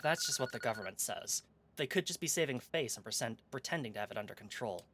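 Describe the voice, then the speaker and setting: Man doing a loud, brash raider captain. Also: medium pitch, lively intonation, fast talker, background noise, natural voice. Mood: commanding. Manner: loud, upbeat briefing with half-hearted pirate talk. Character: brash raider crew captain with pirate slang. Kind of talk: voicing game dialogue on a stream.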